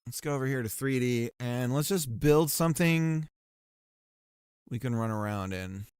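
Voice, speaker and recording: A man's voice: mid-range voice, normal speed, darkish tone, smooth, dry recording, studio quality. A man chatting casually on a livestream while working on a game, rambling and laughing often, with many restarts. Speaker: streamer.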